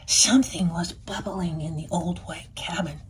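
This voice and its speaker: A woman voicing a friendly male puppet cat who reads a children's storybook aloud in a breathy, half-whispered, playful way. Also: fairly low pitch, steady tone, normal speed, slight background noise, natural voice. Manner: playful, chatty, lingers over words. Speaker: storybook reader.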